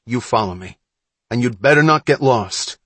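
A man's voice: medium pitch, animated, moderate pace, fairly bright tone, breathy edge, no room sound. A man reading an audiobook, voicing an eager, bossy young boy who gives orders and scoffs at his brother's fears. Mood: serious. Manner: eager, commanding, scornful.

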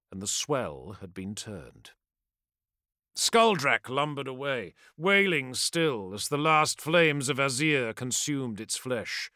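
Narrating a dark fantasy audiobook from a script, this man delivers dramatic, building lines with lively pitch swings and a bright, forceful tone. The recording is close and dry with no room sound.

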